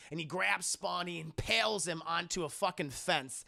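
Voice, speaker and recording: A man's voice: high voice, normal speed, creaky, pushed and bright. A man streaming a casual film recap, talking in a profane, rambling way.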